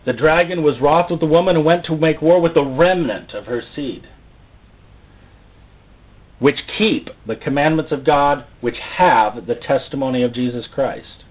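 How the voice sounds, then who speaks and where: A man's voice: on the high side, a little slow. A man preaching a sermon, emphatic and repeating phrases for stress. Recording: tinny phone-like sound.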